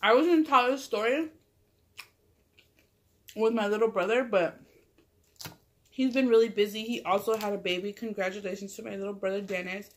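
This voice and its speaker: A woman tells a story to her camera in a loose, rambling way. She fills her talk with "like" and keeps stopping to correct herself. Her voice sits at a middle pitch. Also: moderate pace, long pauses. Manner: rambling, full of "like" and self-corrections. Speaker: mukbang vlogger. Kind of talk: casual storytelling.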